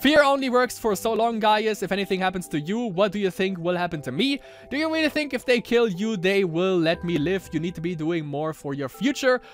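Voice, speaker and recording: A man's voice: high voice, animated, brisk, hardly any pauses, faint music behind. A man voicing a possessive young Roman noblewoman. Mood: pleading.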